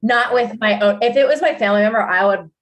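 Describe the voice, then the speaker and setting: A young woman co-hosting a casual podcast chat, joking and teasing her guest in quick bursts. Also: a little high. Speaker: co-host.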